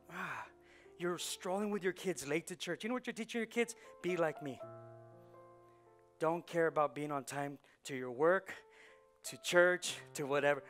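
A man, a pastor, preaching a sermon with rhetorical questions that build to shouting. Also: fairly high pitch.

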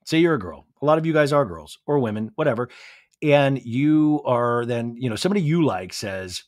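A male podcast host giving a casual recap, animated and acting out quotes in put-on voices. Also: mid-range voice, normal speed, dry recording, clean studio sound.

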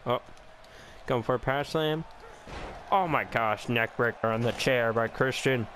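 A man calls a wrestling video game in a casual let's-play, talking slowly and bursting into gasps and swearing as the action turns. He throws in sarcastic jokes between moves. The home recording carries a clear layer of background noise. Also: medium pitch, poor audio. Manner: excitable, reacting with gasps and swearing; joking, sarcastic asides. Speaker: gameplay commentator.

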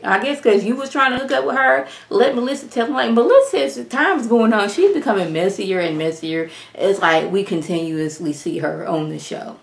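A woman reviewing a reality show in a casual vlog, talking straight to her viewers in an animated way and mimicking the cast now and then. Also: medium pitch, normal speed, creaky, hardly any pauses. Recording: roomy echo.

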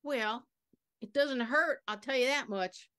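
A woman's voice: high voice, measured pace, pushed and bright, clean tone. A woman improvising a flashy, shameless schemer who talks in a breezy, smug way on stage. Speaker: improv performer. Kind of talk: live improv comedy scene. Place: theater stage.

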